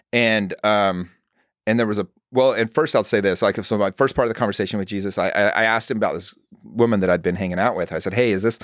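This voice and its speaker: A man's voice: lowish voice, no echo, clean studio sound. A man as a podcast guest, telling personal stories in an earnest, casual way with lots of "like" fillers. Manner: earnest storytelling, frequent "like" fillers. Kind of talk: casual conversation.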